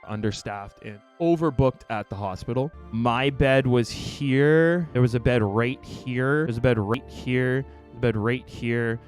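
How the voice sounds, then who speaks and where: A man streamer telling a story in casual talk to his viewers, animated and profane, acting out the people in it. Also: measured pace, few pauses, faint music behind. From Canada. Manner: animated, profane, mimics the doctor in raised pitch.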